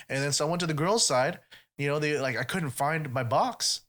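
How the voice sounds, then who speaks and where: A man's voice: fairly high pitch, animated, fairly quick, a bit bright. A man hosting a podcast, chatting casually and retelling stories with lots of swearing and quoted voices. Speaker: podcast host.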